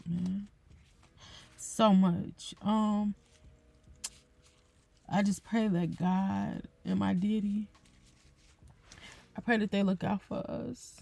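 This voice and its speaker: A young woman hosting a podcast, speaking tearfully and haltingly in an emotional personal reflection. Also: medium pitch, creaky. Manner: tearful, soft-spoken, halting with fillers. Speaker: podcast host.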